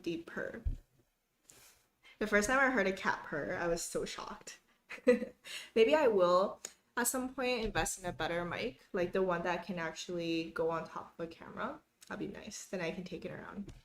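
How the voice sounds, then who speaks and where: A woman's voice: mid-range voice, a little hiss or hum. A young woman hosting a live study stream at home, reading viewer comments aloud and greeting people by name in a chatty, upbeat way.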